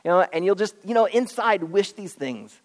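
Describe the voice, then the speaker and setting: Man, pastor preaching, earnest pleading tone, very lively delivery, echoing church hall. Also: high voice, moderate pace. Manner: animated, earnest, pleading preaching with swings between loud and hushed. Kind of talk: sermon. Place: church auditorium. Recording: long reverb of a hall.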